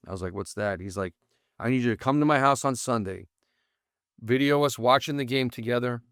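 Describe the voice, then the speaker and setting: An earnest man, a startup founder, tells a personal story as a podcast guest. His voice sits at an ordinary middle pitch, and he acts out the back-and-forth with a friend. The sound is dry and close, with no room echo. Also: clear, resonant tone.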